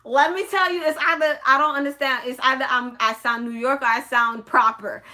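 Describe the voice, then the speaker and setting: A woman's voice: sits high, steady tone, fairly quick, pushed and bright. A woman in a casual chat, talking in a playful, slangy way with frequent laughs.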